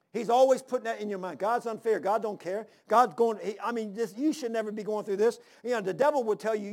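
In a high, gravelly, fry-heavy voice that's a little mellow, a preacher in his sixties delivers a folksy sermon full of "man" and "ain't." He presses his points through repetition and calls of amen and hallelujah.

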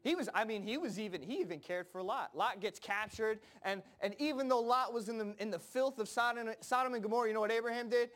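A man's voice: sits high, quick pace, hardly any pauses, fairly bright tone. A man preaching a sermon in a conversational way, acting out Bible characters in casual voices and often repeating himself. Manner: repeats words and phrases, frequent fillers.

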